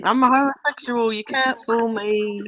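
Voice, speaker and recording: A woman's voice: a little high, steady tone, normal speed, background noise. A woman on an online group call, laid back, repeating what the others said. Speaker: call participant. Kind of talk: casual group call banter.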